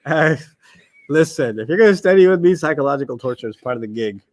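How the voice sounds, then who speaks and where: A man runs an online class in a quick, teasing way. His voice sits a little high for a man. He jokes with his students between points. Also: expressive. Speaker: teacher.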